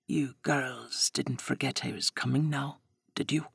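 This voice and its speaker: A woman voicing a sly, menacing man who has come to collect on a bargain, speaking low and hushed with a drawl. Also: fairly even intonation, a little slow, gravelly, husky, dry recording, studio quality, full character voice.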